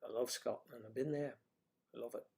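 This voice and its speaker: Fairly quick and fairly even, his medium-pitched voice has vocal fry and a darkish tone. He hosts a casual livestream, reading comments from viewers, making playful puns, and dropping into whispers now and then.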